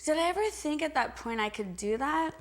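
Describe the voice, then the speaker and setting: A woman's voice: high voice, lively intonation, a little fast. A young adult woman answering interview questions in a chatty, giggly way, full of "like" and restarts. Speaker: interview guest.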